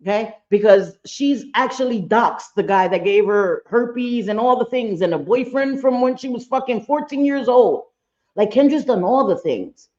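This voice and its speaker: On lo-fi audio, this woman's mid-range voice sounds mellow. She runs a live reaction stream and chats casually over a clip she's playing, cursing openly, speaking bluntly, and hammering her points home by saying them again.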